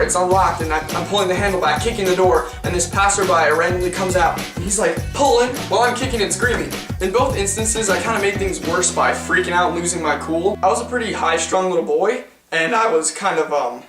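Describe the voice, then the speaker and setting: A man's voice: sits high, distant mic. A young man vlogging, telling stories in a dramatic, profane, self-mocking way. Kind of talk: casual storytelling vlog. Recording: roomy, off-mic, music behind.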